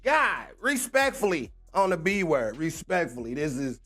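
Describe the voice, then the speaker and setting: Animated young man ranting on a livestream. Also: on the high side, normal speed, faint music behind. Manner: slangy, animated, laughs often. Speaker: livestream host. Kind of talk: casual livestream rant.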